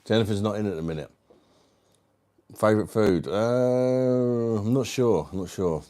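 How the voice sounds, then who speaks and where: A man from the UK hosts a casual livestream. He chats with viewers and reads their comments aloud. His voice sits fairly low, and his banter is crude and matey. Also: measured pace, warm tone. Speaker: livestream host. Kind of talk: casual live chat reading viewer comments.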